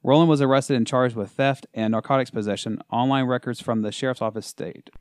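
A man co-hosting a podcast, reading a news article aloud and tripping over a few words as he goes. His voice sits at a middle pitch and is recorded close and dry, with no room sound. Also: fairly even intonation, fairly quick, no echo. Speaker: podcast co-host. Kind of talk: casual podcast chat.

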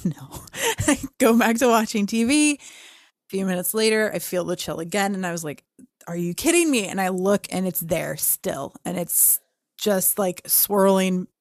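A young woman and podcast co-host telling a story in casual chat, animated and full of fillers, acting out her own reactions. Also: mid-range voice, normal speed, no room sound, clean studio sound.

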